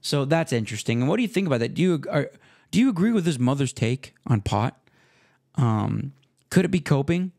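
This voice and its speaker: A young man hosting his own podcast, talking casually in a rambling, self-deprecating way with slang and restarts, relaxed after smoking. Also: mid-range voice, a little fast, gravelly. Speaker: podcast host. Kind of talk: casual solo podcast monologue.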